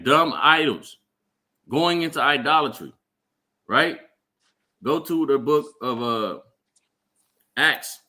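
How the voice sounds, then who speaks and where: A man's voice: mid-range voice, pushed and bright. A man leading a Bible class, explaining scripture and checking in with "right?" as he goes, often stumbling over repeated words. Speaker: Bible teacher. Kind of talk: street-style Bible class teaching. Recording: live stream.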